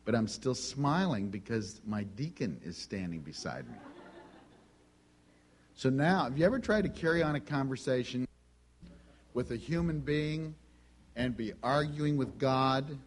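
Animated male preacher telling a story. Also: medium pitch, measured pace, pauses often, a little hiss or hum. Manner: animated, conversational, acts out dialogue. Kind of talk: sermon storytelling.

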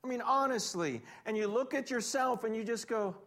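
A man with a notably high voice delivers a sermon to a congregation. He keeps it conversational and lively, slipping into acted-out quotes and poking fun at himself. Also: moderate pace. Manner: lively, conversational preaching with self-deprecating humor and acted quotes. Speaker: pastor.

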